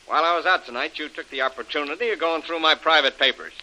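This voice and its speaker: A man's voice: a little high, fast, bright, forceful tone, rough recording. An actor playing a menacing male villain in 1940s radio drama, talking in a threatening tough-guy manner.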